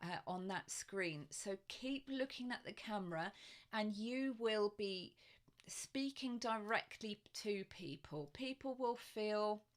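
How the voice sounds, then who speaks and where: A woman's voice: mid-range voice, expressive, slow. A woman voice coach giving a casual video tutorial, chatty, with frequent ums and light laughs. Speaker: voice and presence coach.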